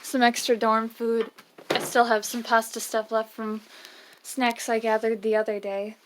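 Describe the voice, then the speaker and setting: A young woman with a slightly high voice talks casually through a vlog while she has the hiccups, showing off her purchases in a dorm room. Faint noise sits under the recording. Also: little pitch movement, unhurried. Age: young adult. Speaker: vlogger.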